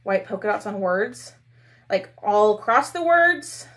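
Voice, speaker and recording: A woman's voice: medium pitch, expressive, unhurried, a bit bright. A woman hosting a casual craft live stream, chatting with viewers while she works. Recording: faint background noise.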